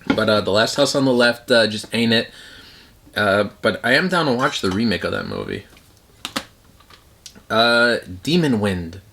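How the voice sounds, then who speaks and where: Casual male vlogger at home, mid-pitched, loose and rambling delivery with lots of fillers. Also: lively intonation, measured pace, long pauses, fairly bright tone, slight background noise. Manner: rambling, full of fillers and restarts. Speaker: collector reviewing his movie collection.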